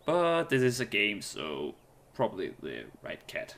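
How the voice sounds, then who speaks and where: A man's voice: lowish voice, huge pitch swings, unhurried, fairly bright tone. A man casually commenting while playing a game, musing aloud and rambling with light laughs. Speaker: let's play host.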